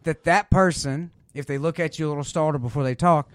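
A man's voice: fairly high pitch, fairly even intonation, brisk, smooth, no echo. A man who is a guest on a podcast, speaking in an earnest, reflective way in casual conversation.

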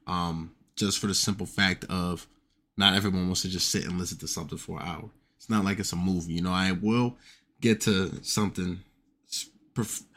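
A man hosting his own podcast, talking loosely and rambling, with lots of "you know". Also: low voice. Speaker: podcast host. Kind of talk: casual solo podcast talk.

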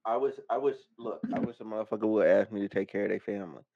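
A man's voice: on the low side, fast, vocal fry, no room sound. Man, podcast co-host, casual chat, blunt and profane, joking, muffled lo-fi mic, dry sound.

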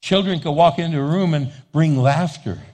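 A man's voice: a little high, normal speed, darkish tone. A man preaching a sermon as pastor, emphatic and repetitive, with asides to the congregation. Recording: long hall reverb.

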